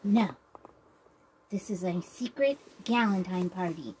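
A woman voicing a vain, bossy girl doll who hosts a tea party and calls herself a queen, talking in a haughty, showy way with drawn-out emphasis. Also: lowish voice, darkish tone, slight background noise, poor audio. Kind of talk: doll play role-play.

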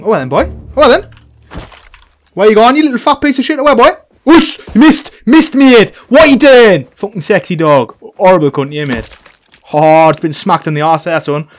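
A young man commentating his own gameplay in casual chat, excitable and swearing a lot, shouting taunts at other players. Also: high-pitched. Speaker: gaming channel host.

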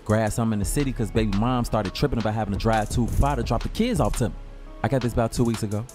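A man's voice: fairly low pitch, rapid-fire, over music, lightly acted. A man doing his laid-back slangy buddy. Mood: boastful. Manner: relaxed, slangy and offhand.

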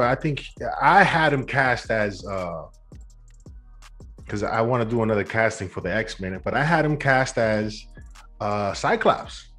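A man hosting a podcast, chatting casually and putting questions to his co-host. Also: mid-range voice. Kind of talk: casual pop-culture chat.

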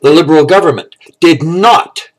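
A man's voice: a little high, normal speed. A man in an angry monologue to camera, ranting with outrage and strong profanity. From Canada. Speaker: political commentator.

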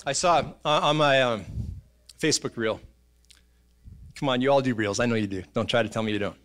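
A man, preaching a sermon in a church, telling stories in an animated way and acting out voices and sounds. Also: mid-range voice, fairly quick. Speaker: pastor. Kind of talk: casual sermon storytelling. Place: church auditorium.

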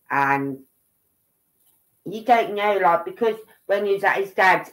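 Low-voiced and heard through a low-quality recording, this middle-aged Birmingham woman with a Brummie accent rambles chattily on her livestream. She keeps adding "right?" and "you know what I mean" to her casual commentary.

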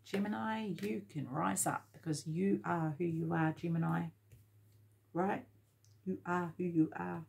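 A woman giving a tarot reading at an unhurried pace. She urges the listener on and repeats her points, addressing them directly. Her voice sits a little low for a woman. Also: fairly even intonation, creaky, darkish tone. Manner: encouraging, repetitive, direct address. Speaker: tarot reader.

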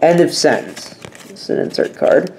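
A man's voice: a little high, sing-song, moderate pace, a little mellow, a little hiss or hum. A young man chatting casually in his own vlog, rambling and emphatic in his opinions. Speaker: vlogger.

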